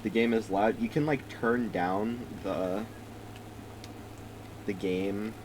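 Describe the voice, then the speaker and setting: A man's voice: on the low side, fairly even intonation, takes it slowly, noisy background. A young man casually narrating a video game he is starting, rambling, swearing and laughing often. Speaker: let's play streamer. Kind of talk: casual gameplay commentary.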